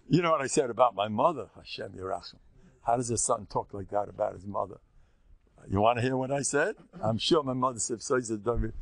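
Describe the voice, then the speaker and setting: A man's voice: mid-range voice, dry recording. An older man, a rabbi giving a rambling, joking religious lecture and teasing his listeners.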